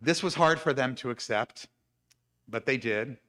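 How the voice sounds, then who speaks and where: A man's voice: medium pitch, measured pace, a bit bright. A man giving a talk at a live-streamed congregation service, reading passages from a book aloud with his own asides. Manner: reads quoted passages with asides and light laughs. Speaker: speaker at a humanistic congregation service.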